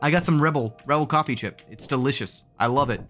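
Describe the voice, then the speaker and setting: Bright-voiced chatty male streamer. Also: mid-range voice, fast, faint music behind. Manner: rambling, chatty, lots of restarts and fillers. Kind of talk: casual livestream chat with viewers.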